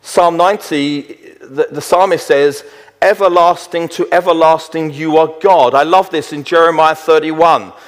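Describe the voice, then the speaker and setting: A man's voice: a little high, steady tone. Man preaching in a reverberant hall. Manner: slows down to read verses with emphasis. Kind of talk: sermon.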